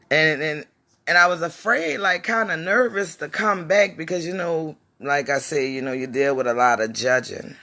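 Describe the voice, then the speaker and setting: Woman, live-stream host, bright forceful voice, preachy, heartfelt, halting. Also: sits low, no room sound. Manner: heartfelt, preachy, speaks straight to viewers; emotional, halting restarts. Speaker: talk show host. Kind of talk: casual live-stream talk.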